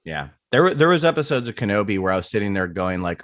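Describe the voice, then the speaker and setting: Deep-voiced rambling podcast host. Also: male voice, big pitch swings, quick pace, fairly bright tone, dry recording, studio quality. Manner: rambling, swears freely, trails off. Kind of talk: casual podcast chat.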